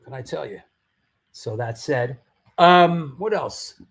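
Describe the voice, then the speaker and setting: A man's voice: medium pitch, expressive, slow, a bit bright. A man hosting a live hardcore music stream, chatting casually, rambling and swearing. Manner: rambling, swearing, restarts and storytelling asides.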